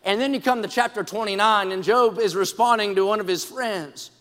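High-voiced preacher in a reverberant hall. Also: male voice, brisk. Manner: swings from hushed storytelling to shouted pleading. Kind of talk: sermon.

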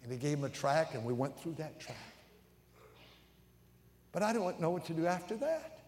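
A man's voice: on the high side, big pitch swings, normal speed, a little mellow. A man in his seventies with an American accent, preaching a sermon as pastor and telling a story with stammering repeats. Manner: storytelling, stammering repeats, acts out quoted voices. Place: large church sanctuary. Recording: echoey church hall reverb.

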